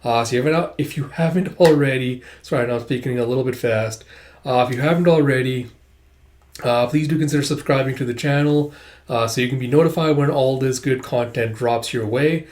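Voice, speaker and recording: A man talks casually to his channel while working through a comic chapter. His voice sits at a middle pitch, and he fills his speech with "uh" as he rambles along. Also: brisk, a little mellow. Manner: rambling, with many "uh" fillers. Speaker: YouTuber reading a manga. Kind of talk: casual reaction commentary.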